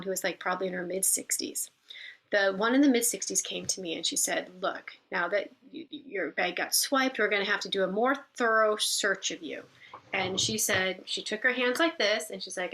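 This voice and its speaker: A middle-aged woman casually recounting a personal story, animated and acting out the people she quotes. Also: mid-range voice. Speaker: vlogger telling a personal story.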